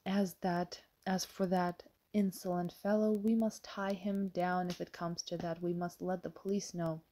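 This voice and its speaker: A woman's voice: lowish voice, flat delivery, unhurried, mellow. A woman reading the lines of a stern middle-aged male estate steward, in a blunt, questioning, bossy manner.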